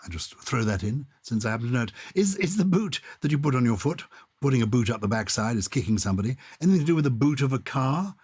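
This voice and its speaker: Older man, husky voice. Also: medium pitch, lively intonation, fast, a little mellow, no room sound. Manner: enthusiastic, chatty, with frequent restarts. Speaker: podcast co-host. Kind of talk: casual conversation about words.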